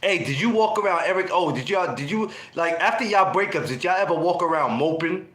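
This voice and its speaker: A high-voiced man co-hosting a podcast tells stories in an animated way, acting out teen scenes during a casual group chat. He talks fairly quickly, and the recording has a roomy sound.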